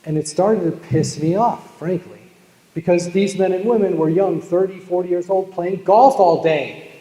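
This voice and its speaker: His voice sits high and warm, and he keeps a moderate pace. A keynote speaker from Boston, he gives a live sales talk packed with jokes and stories, calling to the crowd as the large hall's reverb trails on.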